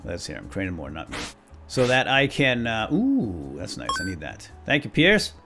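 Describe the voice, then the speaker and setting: A man's voice: lowish voice, huge pitch swings, normal speed, music in the background. A man chatting his way through a video game as a let's play host, talking to himself and chuckling often. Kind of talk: gameplay commentary.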